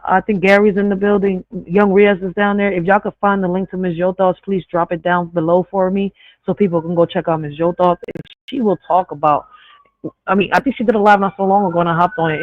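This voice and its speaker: A man's voice: sits high, fairly even intonation, fairly quick, no echo. A man hosting a live stream, reading reflective poetry and asking rhetorical questions, often tagging his points with "right?". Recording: dry tinny phone-like sound.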